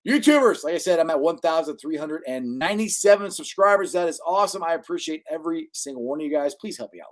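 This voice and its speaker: Upbeat fan host with a fairly high voice. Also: male voice. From Cincinnati, USA. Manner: enthusiastic, laughs at his own jokes. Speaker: podcast host. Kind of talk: casual sports podcast chat. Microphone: live-stream microphone.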